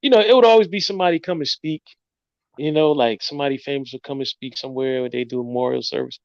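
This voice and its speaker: A man co-hosting a podcast, reminiscing in a relaxed way with many pauses and fillers. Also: medium pitch, vocal fry, dry recording, dull audio. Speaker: podcast co-host. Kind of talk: casual chat.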